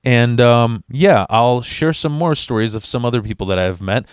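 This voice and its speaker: A man's voice: medium pitch, normal speed, clear, resonant tone, no room sound, studio quality. A man casually telling a personal story on his video channel, rambling, with frequent stammered restarts and heavy swearing.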